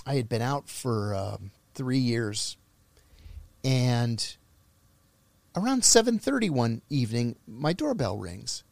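A man's voice: mid-range voice, slow, creaky, dry recording. A middle-aged man telling a story in casual conversation, acting out the voices of the people he quotes. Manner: animated, acts out quoted voices. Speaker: podcast guest.

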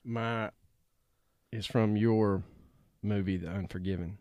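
A laid-back man co-hosting a casual podcast. His voice sits fairly low. The sound is dry and close, with no room echo. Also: fairly even intonation, slow pace, a little mellow. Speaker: podcast co-host. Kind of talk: casual chat.

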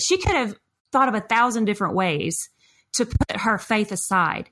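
A middle-aged woman telling a story in conversation, acting out quotes with lively shifts in voice. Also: fairly quick. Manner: expressive, acts out quotes with big pitch jumps.

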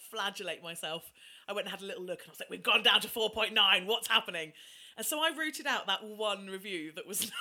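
A woman with a posh-sounding English accent co-hosting a podcast. She is wry and self-mocking, laughing easily. Her intonation swings a lot, and her tone is bright and crisp. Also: mid-range voice. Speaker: podcast co-host. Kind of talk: casual chat.

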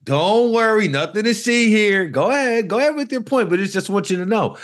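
A brash, mocking New York sports fan , as a man in his thirties puts him on, pushes his voice well up and talks loud. The fake New York accent comes across as swaggering and taunting. He sounds mock-boastful rather than angry. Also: high voice, animated, brisk, pitched above the performer's own voice. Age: 30s.

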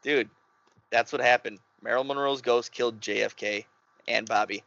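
A man chatting casually about a movie, animated and quick to swear and react. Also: medium pitch, vocal fry, dry recording. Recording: dry, slightly muffled lo-fi audio.

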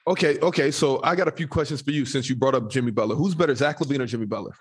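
A man's voice: mid-range voice, rapid-fire, breathy edge. A man co-hosting a heated sports debate podcast, insistent and talking over others. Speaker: podcast co-host.

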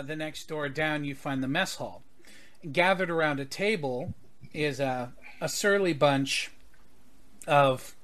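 A man runs a tabletop role-playing game, narrating scenes and describing characters. His voice sits a little high for a man, and his delivery rambles with frequent ums and restarts. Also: fairly bright tone. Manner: rambling, hesitant, with many fillers. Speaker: game master.

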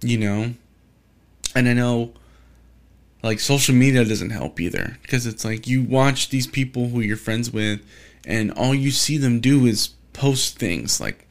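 A man's voice: medium pitch, a little slow. A young man talking casually on his solo podcast, rambling in a frustrated, profane way and often restarting his sentences.

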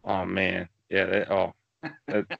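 A man's voice: low-pitched, completely flat delivery, slow pace, gravelly, no room sound, dull audio. A man hosting an interview, chiming in with brief reactions and questions. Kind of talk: casual interview.

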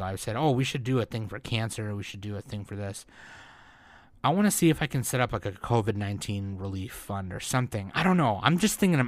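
A man's voice: fairly low pitch, a bit bright, no room sound. A man hosting a podcast, giving a heartfelt, rambling update to his listeners while close to tears, with frequent restarts and casual swearing. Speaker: podcast host. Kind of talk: emotional solo update to listeners.

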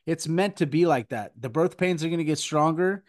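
Here a male Christian podcast host speaks briskly in a slightly high voice. His earnest talk wanders between relaxed chat and sermonizing, heavy with fillers.

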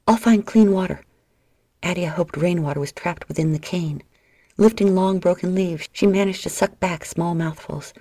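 A woman reading a novel aloud in steady, measured audiobook narration. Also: fairly low pitch, vocal fry, dry recording, clean studio sound.

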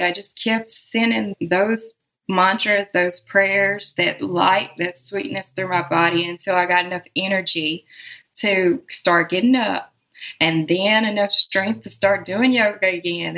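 Woman, unhurried speech, warm heartfelt reflection, interview guest. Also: medium pitch. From Southern United States. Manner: slow, heartfelt, laughs often. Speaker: musician guest.

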